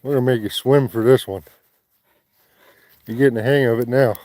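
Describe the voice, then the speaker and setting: A man's voice: mid-range voice, fairly even intonation, fairly quick, darkish tone, no echo. A man outdoors by the water, playfully coaxing and praising his dog in casual chat. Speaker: dog owner.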